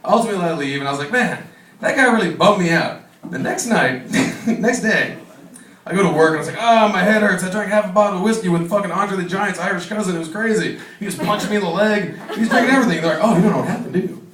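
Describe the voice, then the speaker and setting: Man, stand-up comic, high voice, profane storytelling, echoey club recorded from far off. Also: fast, a bit bright. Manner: profane storytelling, acts out other people. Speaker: stand-up comedian. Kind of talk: stand-up comedy set. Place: comedy club stage. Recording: echoey room, mic from far off. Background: audience laughter.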